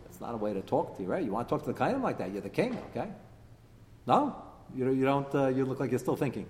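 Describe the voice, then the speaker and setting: Animated male teacher in a reverberant hall. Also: medium pitch, quick pace. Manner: animated, emphatic, poses rhetorical questions to the class. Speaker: teacher leading a text class. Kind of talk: classroom lecture with discussion.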